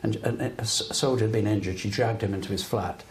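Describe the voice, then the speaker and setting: Fairly quick and fairly low-pitched, an older British guest broadcaster tells stories earnestly and emphatically in a live public interview, an audience present at the talk venue. Slight background noise is audible.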